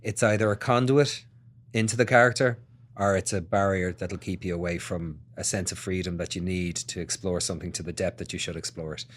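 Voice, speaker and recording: Low-voiced Irish man, reflective. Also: steady tone, brisk. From Ireland. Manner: reflective, thinks aloud with restarts. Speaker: actor guest. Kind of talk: casual interview.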